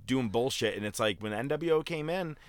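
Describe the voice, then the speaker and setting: A man's voice: medium pitch, animated, fairly quick, clean tone. A man co-hosting a casual chat, joking and retelling moments with animation. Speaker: podcast co-host.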